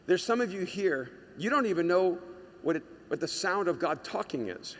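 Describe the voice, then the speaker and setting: A man preaching a sermon to a congregation, telling a personal story in an animated way and shouting out the lines he quotes. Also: high-pitched, moderate pace, long reverb tail. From United States. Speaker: pastor.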